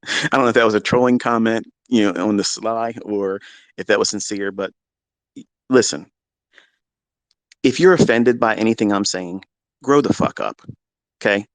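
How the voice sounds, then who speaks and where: A man's voice: on the low side, moderate pace, pauses often, no room sound. Profane, combative man ranting. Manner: profane, combative and unfiltered, swinging into loud tirades. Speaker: trading mentor hosting a live audio chat. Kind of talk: unscripted live audio rant. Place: home basement.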